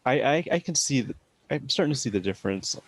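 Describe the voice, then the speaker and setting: A man's voice: mid-range voice, animated, quick pace. A man co-hosting a podcast in casual chat, mostly listening and answering with short replies and laughs. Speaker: podcast co-host.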